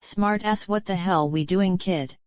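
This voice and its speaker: Woman doing a gruff grumpy old man. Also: medium pitch, unhurried, darkish tone, no room sound, highs cut off, lightly acted. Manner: gruff, blunt, swearing.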